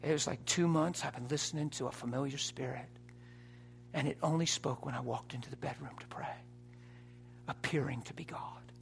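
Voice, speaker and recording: A man preaching an impassioned sermon, dropping to a hush and rising to shouts. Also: mid-range voice, normal speed, vocal fry, slight background noise. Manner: impassioned, swings from hushed to shouting.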